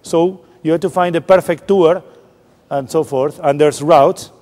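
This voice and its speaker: A man's voice: fairly high pitch, fairly even intonation, a little slow, darkish tone. A man giving a science festival talk, explaining informally and thinking aloud as he goes. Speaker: lecturer. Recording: long hall reverb.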